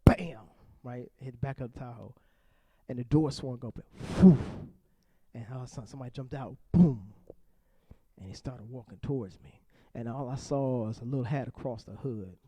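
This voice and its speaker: A man's voice: medium pitch, moderate pace, warm tone, husky, no echo. A man doing stand-up comedy and playful crowd work for a seniors group, chatting with the audience and laughing often.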